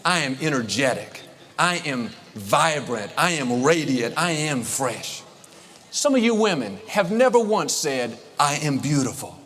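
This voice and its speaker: A middle-aged man preaching a sermon, upbeat and emphatic, drawing out affirmations slowly. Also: mid-range voice, very animated, fairly bright tone. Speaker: pastor. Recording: long hall reverb, faint noise.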